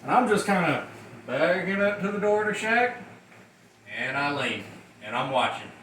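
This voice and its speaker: A man telling a profane comedic rant in an animated way, often laughing through his story. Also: a little high, moderate pace, roomy sound, recorded from a distance, slight background noise, rough recording.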